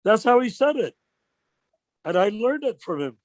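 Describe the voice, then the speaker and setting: An older man leading an informal religious discussion on a video call, telling stories with rhetorical questions in an animated way. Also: sits high, moderate pace, dry recording. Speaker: discussion leader.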